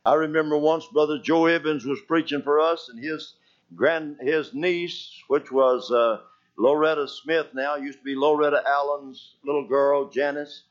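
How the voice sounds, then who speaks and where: An older man preaching a sermon as pastor, telling folksy stories with shouted quotes and cries of hallelujah. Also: a little high, steady tone, unhurried. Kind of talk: anecdotal sermon. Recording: dull lo-fi church recording.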